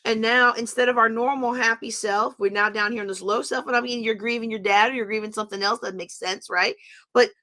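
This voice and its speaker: A woman, teaching an online class in a chatty, animated way while drawing on a board. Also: on the high side, fairly quick.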